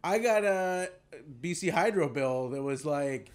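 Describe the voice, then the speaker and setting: A man in his thirties with a notably high voice chats loosely on a comedy podcast. He rambles through stories and laughs often as he goes. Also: animated, normal speed. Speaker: guest comedian. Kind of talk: casual chat.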